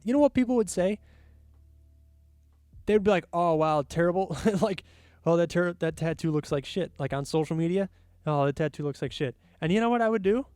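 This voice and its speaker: A man hosts a solo podcast and rants about sports in an animated, exasperated way, with mocking asides. His voice sits a little high. The mic is close and dry, with faint music underneath. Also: dry recording. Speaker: podcast host.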